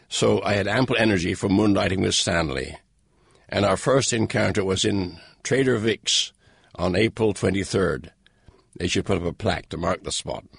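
An older man with a gravelly, husky voice reads his own foreword with dry, wry humor. He sits low in pitch and takes his time, and the recording is close and dead, with no room sound at all. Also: fairly bright tone, no echo. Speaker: author reading his own introduction. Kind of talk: read-aloud personal foreword.

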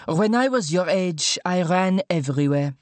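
In an audiobook, a man pushes his voice up high to play a fussy, middle-aged French mother scolding her son. His delivery is lively and lilting, brisk and dismissive in a motherly nagging way, recorded with no echo.

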